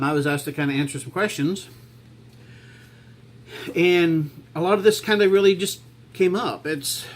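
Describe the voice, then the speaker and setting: A man talking to his camera in a reflective personal vlog, halting and heartfelt, with many restarts and fillers. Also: fairly high pitch, slight background noise. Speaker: vlogger.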